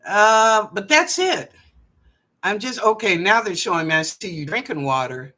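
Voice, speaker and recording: A woman hosting live online psychic readings from her apartment, animated and playful, drawing out phrases with chatty asides. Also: on the low side. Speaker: psychic reader and show host. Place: apartment at home.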